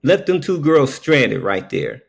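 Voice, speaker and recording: A man telling a story in a casual monologue. He checks in with "okay?" after nearly every phrase and jumps up in pitch when he acts out quoted voices. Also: very animated, creaky, husky. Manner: slow, keeps saying "okay?" between phrases.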